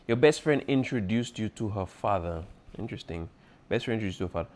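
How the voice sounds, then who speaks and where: Deep-voiced man teaching a language class. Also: lively intonation, fast, darkish tone. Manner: patient, repeats key points, checks in with "okay?". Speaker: Spanish teacher. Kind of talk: exam review lesson.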